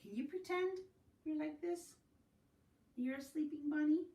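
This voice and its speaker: A woman from Canada leading a virtual family literacy circle, singing rhymes and talking gently and encouragingly to young children. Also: high voice, unhurried. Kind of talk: virtual circle-time lesson with songs and rhymes. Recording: distant mic in an echoey room.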